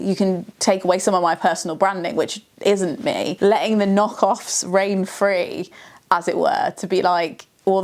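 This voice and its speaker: A woman thinking aloud in a reflective vlog monologue, musing and restarting her sentences as she goes. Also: mid-range voice. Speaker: video creator.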